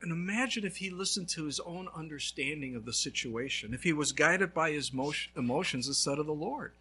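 A male pastor preaching a sermon, telling a story with lively swings between loud and hushed. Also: fairly high pitch, brisk, a little hiss or hum.

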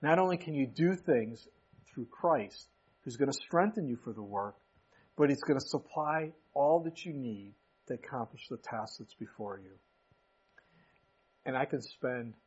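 A man's voice: mid-range voice, darkish tone, slightly rough, lo-fi sound. A man preaching a sermon as pastor of his church, in a conversational way with folksy asides.

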